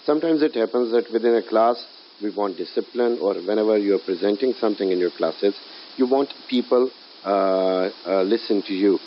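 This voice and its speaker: A man teaching English in a recorded lecture, often pausing with filler sounds as he explains. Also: on the low side. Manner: hesitant, many filler sounds. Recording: dull lo-fi audio with faint hiss.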